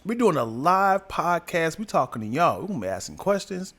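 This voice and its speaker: A man co-hosting a podcast in casual chat, an animated storyteller who slips into loud impressions. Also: a little high, fairly quick. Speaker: podcast co-host.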